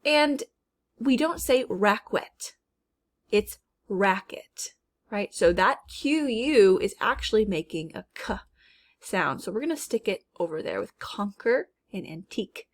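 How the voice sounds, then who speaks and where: A woman teacher leading a recorded spelling lesson, slowly repeating each word and sounding out its parts. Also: medium pitch, lively intonation.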